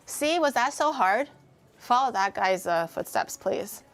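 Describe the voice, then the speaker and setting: A young woman with a somewhat high voice chats with her viewers while she cooks on a livestream. She teases them, laughs a lot and swears freely, and she keeps a loose, playful tone. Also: expressive, measured pace, fairly bright tone. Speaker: cooking streamer. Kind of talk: casual cooking livestream chat.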